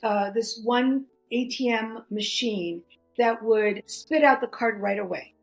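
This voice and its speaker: Woman, middle-aged, podcast guest, chatty storyteller, somewhat high pitch, faint music behind. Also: slow, creaky, low-quality recording. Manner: animated, chatty, acts out quoted voices. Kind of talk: casual storytelling interview.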